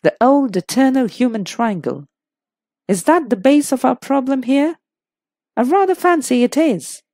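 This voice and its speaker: A woman voicing a thoughtful older man, a retired police chief, in a measured, musing way. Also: high voice, expressive, dark tone, no echo, clean studio sound, full character voice.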